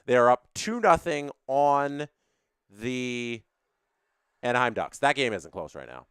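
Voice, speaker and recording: A man's voice: medium pitch, big pitch swings, slow pace, fairly bright tone, clear, resonant tone, no room sound, clean studio sound. A man hosting a live stream, reading viewer chats and ranting opinionatedly, often repeating his phrases.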